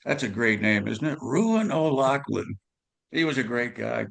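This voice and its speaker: A man's voice: medium pitch, lively intonation, measured pace, gravelly, a bit bright. An older man, a guest musician telling rambling stories in an interview, full of fillers and tag questions. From California, USA. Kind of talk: storytelling interview.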